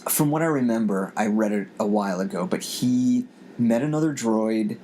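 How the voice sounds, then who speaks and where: A man's voice: lowish voice, normal speed, mellow. A man in his forties hosting a casual podcast, rambling with many restarts as he thinks aloud. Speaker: podcast host. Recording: faint background noise.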